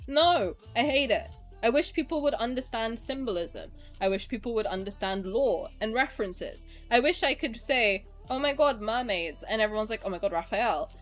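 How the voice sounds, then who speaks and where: A woman's voice: a little high, expressive, moderate pace, faint music behind. A young English woman streaming live, chatting frankly and emotionally, ranting and swearing as she greets her viewers. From England. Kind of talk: casual livestream chat.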